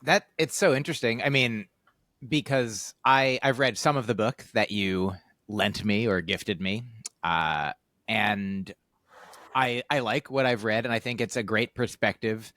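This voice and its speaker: A man's voice: lowish voice, unhurried, sharp tone, no room sound, studio quality. A man hosting a podcast, talking in a casual, thoughtful, rambling way with many fillers and restarts. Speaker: podcast host. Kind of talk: casual conversational podcast chat.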